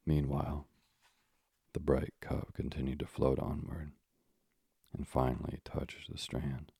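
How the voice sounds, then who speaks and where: A man narrating a classic storybook in a measured, old-fashioned manner, with moralizing asides. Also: rumbling low, level tone, gravelly, warm tone, slightly rough, no room sound.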